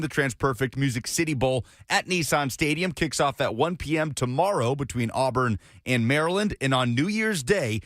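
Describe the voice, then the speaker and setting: A man reading a scripted sports schedule update for a radio station in a steady announcer manner. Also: medium pitch, no room sound. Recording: dry studio sound.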